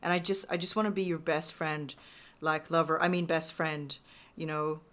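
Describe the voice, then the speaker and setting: A woman's voice: deep voice, fairly even intonation, moderate pace, a bit bright. A woman voicing a friendly male superhero in playful toy play. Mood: affectionate.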